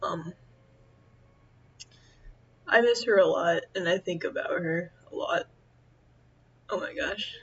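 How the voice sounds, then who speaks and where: A young woman chatting casually as she eats, rambling and halting with many fillers. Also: on the low side, slightly rough, muffled recording. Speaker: vlogger. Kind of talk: casual chat while eating.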